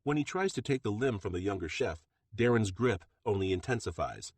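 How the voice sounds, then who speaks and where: Male audiobook narrator, low voice, dry close studio sound, steady delivery. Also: slightly rough, no echo. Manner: steady, measured storytelling. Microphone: close studio mic.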